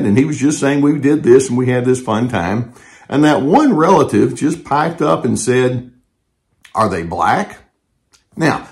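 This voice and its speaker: Calm measured older man giving advice. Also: mid-range voice. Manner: calm, measured, with frequent fillers and restarts. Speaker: therapist and channel host. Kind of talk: advice talk to camera.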